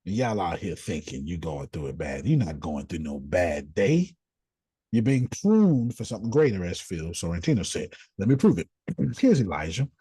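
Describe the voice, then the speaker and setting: A man teaching like a preacher, his pitch rising and falling widely. The voice is husky and sits close in a dry space. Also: moderate pace, dry recording. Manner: animated, repeats phrases, calls listeners by name. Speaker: host and teacher. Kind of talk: preaching-style teaching talk.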